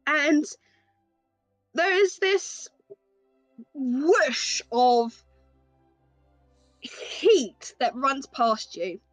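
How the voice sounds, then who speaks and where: High, lively woman game master. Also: very slow, long pauses, no room sound, soft background music, poor audio. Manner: descriptive, storytelling. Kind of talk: narrating a tabletop game.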